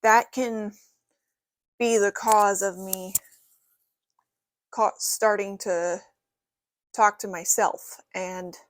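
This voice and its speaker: A woman's voice: mid-range voice, steady tone, extremely slow, pauses often, dry recording. Chatty young woman vlogging, dry sound. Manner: rambling with many "you know" fillers. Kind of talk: casual vlog talk to camera. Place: her bedroom.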